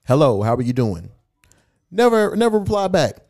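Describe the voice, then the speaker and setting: A man's voice: a little high, normal speed. A man hosting a casual podcast, telling a profane story, reading old text messages aloud and mocking the sender. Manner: animated, mocking. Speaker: podcast host.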